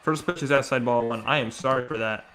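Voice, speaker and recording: Man, casual live play-by-play, chatty, excitable, medium pitch, faint background hiss. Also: fast. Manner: chatty, reacts to chat between pitches. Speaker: live sports commentator.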